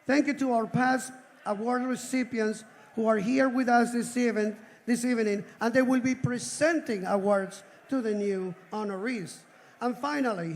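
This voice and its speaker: A man hosting an awards ceremony, effusively thanking sponsors and calling out names to a live audience. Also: extremely high pitch. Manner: effusive, warm thanks and roll calls of names. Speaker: event organizer and host. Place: large indoor event hall. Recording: long reverb of a large event hall.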